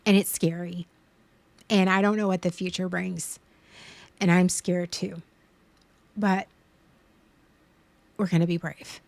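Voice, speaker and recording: A woman's voice: fairly low pitch, level tone, slow, creaky, long pauses, darkish tone, no echo. A woman in her thirties, streaming and talking earnestly and openly, a parent speaking in a vulnerable way about fear. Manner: earnest, vulnerable, tearful at times. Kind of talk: emotional casual chat.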